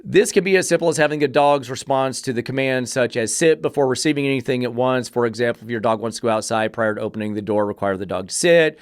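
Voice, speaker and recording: A man's voice: mid-range voice, fast talker, few pauses, smooth, dry recording, clean studio sound. A man hosting a dog-training podcast, reading an article aloud and picking it apart with exasperated, profane sarcasm. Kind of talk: podcast rant reviewing an article.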